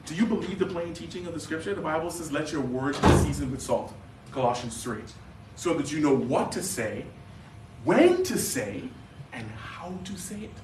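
A man preaching a sermon as a guest pastor, animated and joking, with sarcastic asides and quick questions to the congregation. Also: fairly high pitch. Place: church sanctuary. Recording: roomy church hall, mic at a distance, faint background noise.

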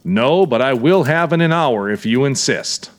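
A young small-town cop who stays firm and blunt, voiced by a male narrator. He pitches his voice higher than his own and keeps it steady and lively. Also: normal speed, lightly acted. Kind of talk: audiobook character voice.

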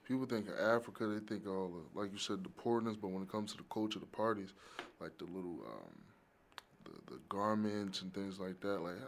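Low-voiced young podcast host, animated. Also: male voice, a little fast, gravelly, slight background noise. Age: young adult. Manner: animated, slangy storyteller. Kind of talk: casual podcast chat.

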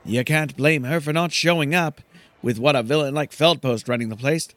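A man's voice: fairly high pitch, normal speed, a bit bright, no room sound, close to an everyday voice. A man voicing an earnest, deferential young male servant, reading his game lines aloud. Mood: eager.

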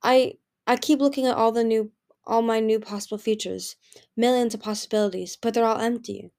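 A woman's voice: a little high, fairly even intonation, a little fast, vocal fry, darkish tone. A woman voicing a lonely, grieving male dragon who pleads and turns bitter, in an audiobook reading. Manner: pleading, raised and emotional.

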